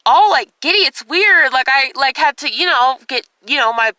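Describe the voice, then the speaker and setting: Distressed bright-voiced woman. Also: sits high, lively intonation, normal speed, no echo. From United States. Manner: rambling, heavy use of "like", profane. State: distressed, tearful. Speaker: vlogger. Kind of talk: casual personal vlog rant.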